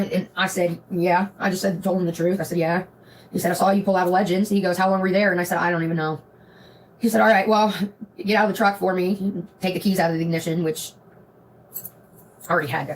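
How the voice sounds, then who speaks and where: Fast-talking woman telling a profane story. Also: on the low side, poor audio. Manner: profane, rambling, animated retelling. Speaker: live streamer. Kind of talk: casual storytelling.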